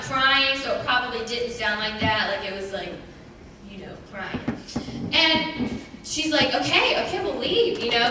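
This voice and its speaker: A young woman sharing a personal testimony with a church congregation, chatty and animated, with many "like" fillers. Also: sits high. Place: church hall. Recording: very echoey church hall, distant mic, faint noise.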